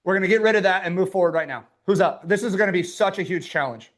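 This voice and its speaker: A business coach runs a live online workshop, fired-up and pushy, swearing casually as he urges people on. His voice is high and fairly bright, and he talks at a quick pace.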